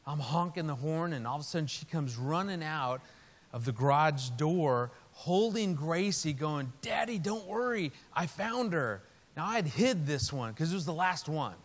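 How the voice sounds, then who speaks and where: In a sermon, a man tells a family story and voices each person in it, a lively storyteller acting out the quotes. His pitch is fairly high, his speed normal, and the recording carries hall reverb.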